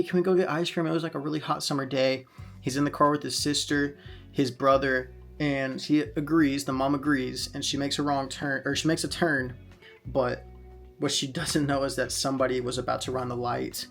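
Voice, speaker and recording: A man's voice: mid-range voice, vocal fry, fairly bright tone. A man casually reviewing comic books in a chatty vlog, recapping plots with fillers along the way.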